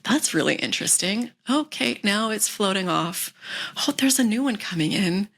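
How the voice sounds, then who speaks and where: A woman's voice: mid-range voice, animated, moderate pace, gravelly, a bit bright. A woman voicing a cheerful, curious talking sea turtle who watches fish drift by in a light, playful way. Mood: curious, amused.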